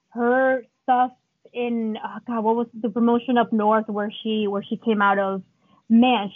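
A woman wrestler co-hosting a podcast, chatting excitedly and laughing often, acting out what she was thinking. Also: a little high, no room sound. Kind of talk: casual chat. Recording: tinny phone-like sound.

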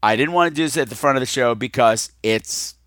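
Campy, bright-voiced podcast host man. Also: medium pitch, fairly quick, no echo, studio quality. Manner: campy, teasing, theatrical. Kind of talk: casual podcast monologue.

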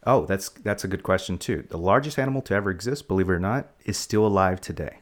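A man with a very low voice hosts a laid-back podcast. He rambles playfully as he explains facts to young listeners. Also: quick pace. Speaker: podcast host. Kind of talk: casual podcast chat.

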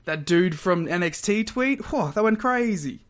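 A young man co-hosting a podcast in casual banter, laughing often and throwing in quick asides. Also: high-pitched, expressive. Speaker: podcast co-host.

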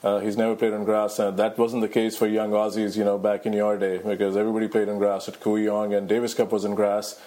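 A man from India hosting a podcast interview, eager and halting, with many fillers. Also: lowish voice, monotone, mellow. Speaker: podcast host. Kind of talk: interview questions.

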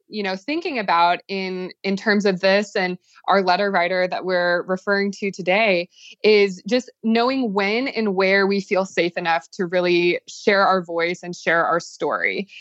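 Low-voiced woman guest, dull dry audio. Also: a bit bright, dry recording. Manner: measured, thoughtful, fluent explanations. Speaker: podcast guest, dietitian. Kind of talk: explaining in a podcast interview.

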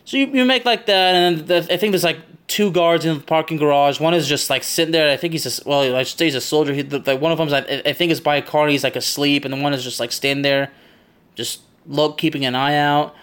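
A podcast host with a somewhat raised pitch talks through a game level from memory. He wanders off on tangents and doubles back often. His delivery is casual and chatty, and he laughs easily. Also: fairly even intonation, quick pace, a bit bright, clean tone.

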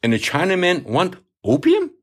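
A man's voice: sits high, wildly swooping pitch, normal speed, slightly rough, voice pushed up, heavily acted. A man reading aloud, voicing a curious sixteen-year-old male sailor who asks polite, eager questions. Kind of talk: audiobook reading.

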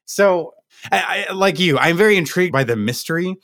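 A man's voice: high-pitched, animated, a little fast, a bit bright, no room sound, studio quality. A man co-hosting a podcast, musing and questioning aloud in casual chat. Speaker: podcast co-host.

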